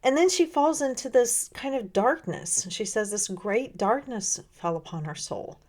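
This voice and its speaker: A woman's voice: on the high side, lively intonation, a little slow, darkish tone. A woman hosting a devotional podcast, reading a spiritual diary aloud and then reflecting on it in an earnest, thoughtful way, wondering aloud. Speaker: podcast host.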